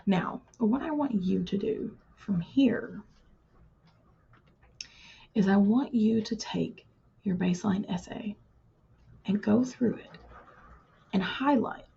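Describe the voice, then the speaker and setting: A woman's voice: mid-range voice, slow, gravelly, long pauses, mellow, husky, lo-fi sound. A woman teaching writing to her students in a recorded lesson, explaining patiently and plainly, drawing words out for emphasis.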